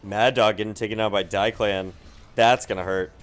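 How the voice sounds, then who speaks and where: A man's voice: on the low side, steady tone, normal speed, a little hiss or hum. A man commentating a live online game tournament, upbeat and joking with co-casters. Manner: upbeat and jokey. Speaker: esports commentator.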